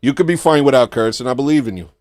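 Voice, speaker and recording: A man's voice: mid-range voice, racing, darkish tone, no echo. A man hosting a livestream, joking casually and slipping into put-on slang. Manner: jokey, slips into put-on British slang. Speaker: livestream host. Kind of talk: casual comedic banter.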